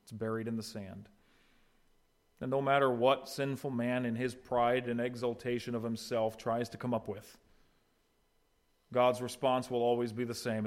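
A man preaching an expository sermon as pastor, swinging between quiet, low passages and loud, raised ones. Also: little pitch movement, normal speed, pauses often. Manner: swings from quiet to loud, acting out quoted voices.

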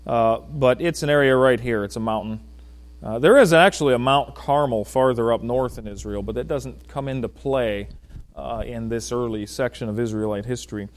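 A man preaching a sermon in a folksy, joking way, talking straight to people in the congregation and swinging from loud emphasis to quiet asides. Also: mid-range voice, normal speed. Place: church.

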